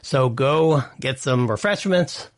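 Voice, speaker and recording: A man's voice: mid-range voice, lively intonation, slow. A man hosting an entertainment news podcast, chatty and opinionated, reading out quotes and adding his own asides. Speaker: podcast host. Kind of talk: casual entertainment news commentary.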